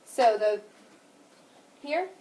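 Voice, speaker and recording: A woman's voice: on the high side, animated, drawn-out words, mellow. A woman teacher leading a classroom phonics lesson, patiently questioning her students and drilling them step by step. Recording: distant, noisy classroom recording.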